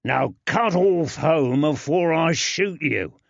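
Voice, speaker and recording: A man narrating an audiobook, voicing a nervous, rough-spoken jailer who talks bluntly and slowly. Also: on the high side, expressive, dry recording, voice pushed up, heavily acted. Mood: threatening. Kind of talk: audiobook character voice. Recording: dry, slightly dull.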